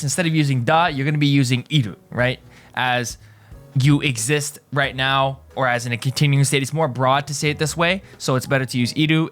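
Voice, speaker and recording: A man's voice: mid-range voice, fairly bright tone. A man teaching in a casual video lesson, explaining in loose restarts and often asking right?. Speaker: language teacher.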